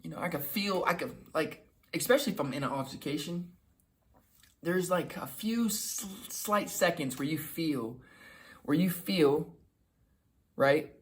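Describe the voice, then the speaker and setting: Young guy giving life advice to camera, loose and chatty, voice a bit on the high side. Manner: conversational, repeats himself, acts out quick quoted lines. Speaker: self-help video host. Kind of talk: casual motivational talk to camera.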